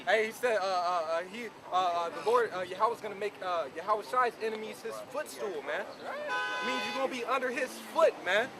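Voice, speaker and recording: Male street preacher with a very high pitch, emphatic and repetitive, recorded outside over a crowd. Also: expressive, fairly quick. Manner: emphatic, repeats "man" and "you know". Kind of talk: outdoor street preaching, commentary on scripture. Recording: outdoor street with crowd noise.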